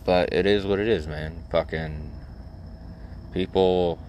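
A man's voice: low-pitched, fairly even intonation, slow pace, a little mellow, slight background noise. A middle-aged man rambling in a blunt, cynical way, full of fillers and the odd curse, as he vlogs from a vehicle. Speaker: vlogger. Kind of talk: casual rambling monologue.

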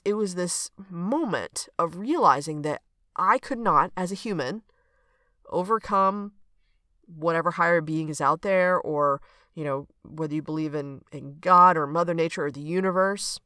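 A woman's voice: fairly low pitch, fairly bright tone, no echo, studio quality. A woman hosting a reflective solo podcast, talking in an earnest, conversational way and often checking in with "okay?". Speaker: podcast host and coach.

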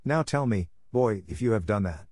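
A man voicing a kind, gentle elderly grandmother who talks to a child with mild, patient earnestness. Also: lowish voice, lively intonation, normal speed, no room sound, studio quality. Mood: kindly. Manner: gentle, kindly lecturing. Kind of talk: audiobook character voice.

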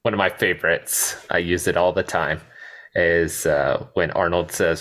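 A man's voice: low voice, fairly even intonation, measured pace, a bit bright. A man co-hosting a podcast, casually chatting about a movie, quoting lines and laughing often. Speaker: podcast co-host.

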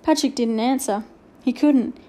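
A woman narrating a children's storybook aloud in a clear, expressive way. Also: fairly high pitch, measured pace.

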